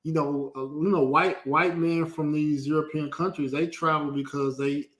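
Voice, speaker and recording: A man from the United States hosting a podcast, asking easygoing, halting questions in a casual interview. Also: on the high side, fairly even intonation, a bit bright. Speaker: podcast host.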